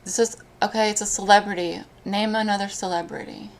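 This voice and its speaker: A woman talking on a live stream in casual chat, speaking emotionally, with halting restarts. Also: medium pitch, steady tone.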